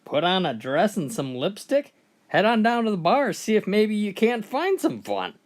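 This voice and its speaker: A woman's voice: mid-range voice, sing-song, normal speed, close to an everyday voice. A woman voicing a cheeky, mouthy young boy with blunt punchlines.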